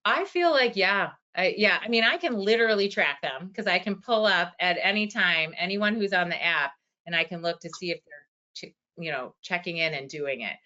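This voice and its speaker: A woman's voice: fairly low pitch, normal speed, bright, forceful tone. A woman in her forties, a physical therapist, answering questions in a webinar in an earnest, conversational way with many fillers. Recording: dull lo-fi webinar audio.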